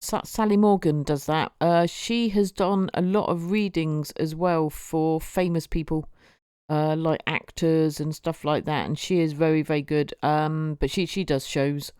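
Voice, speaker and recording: A woman chatting on a live stream, talking slowly and repeating words as she rambles along. Her voice sits a little low and comes through clear and smooth. The recording is dry and close. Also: fairly even intonation, darkish tone, dry recording. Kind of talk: casual live-stream chat.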